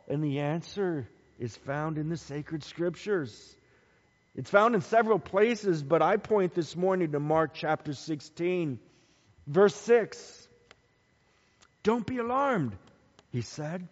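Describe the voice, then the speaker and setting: A man preaching a sermon, dramatic and emphatic, dropping to hushed tones at times. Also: on the high side, animated, slow. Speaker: pastor. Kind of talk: Easter sermon. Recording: dull sound with long hall reverb.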